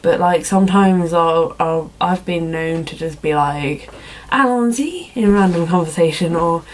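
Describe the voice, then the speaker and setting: A young woman rambles through her vlog in a slightly low voice, giggling and brushing herself off. Her talk is loose and full of fillers, with a faint hiss behind it. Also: steady tone, moderate pace. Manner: rambling and giggly, self-deprecating, with many fillers. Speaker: vlogger answering viewer questions. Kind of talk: casual chat.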